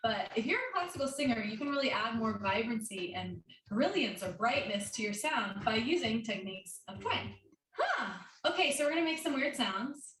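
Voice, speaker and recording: Higher-voiced woman coach in an echoey room. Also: animated, brisk, hardly any pauses, fairly bright tone. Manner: upbeat, demonstrates silly sounds. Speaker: guest voice coach. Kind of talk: online singing lesson. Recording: roomy, distant mic with faint noise.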